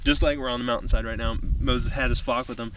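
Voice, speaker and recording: A man's voice: mid-range voice, steady tone, fast, fairly bright tone, slight background noise. A man giving a casual, conversational sermon outdoors on a mountain, recorded from a distance. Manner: casual, conversational preaching with fillers. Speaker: youth pastor.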